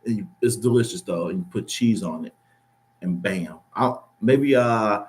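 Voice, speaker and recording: A man's voice: on the low side, unhurried. A man from Ohio hosting a podcast, talking in a loose, rambling way and laughing often. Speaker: podcast host. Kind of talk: casual chat.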